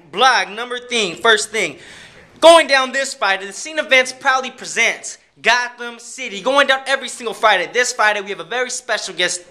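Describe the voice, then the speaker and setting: A man's voice: high voice, sharp tone. A young adult man, a DJ and club promoter, talking in a rambling, hyped, playful vlog style with casual swearing.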